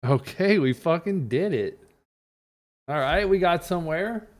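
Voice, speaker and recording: A man's voice: fairly high pitch, expressive, unhurried. A man streaming live, talking casually to himself and his viewers as he tinkers with settings, muttering and swearing now and then.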